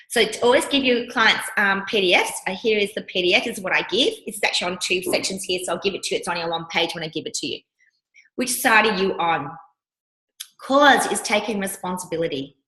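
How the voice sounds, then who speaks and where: A woman coach teaching a workshop, telling personal stories and acting out the voices she quotes. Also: medium pitch. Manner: animated storyteller who acts out the voices she quotes. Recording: roomy echo.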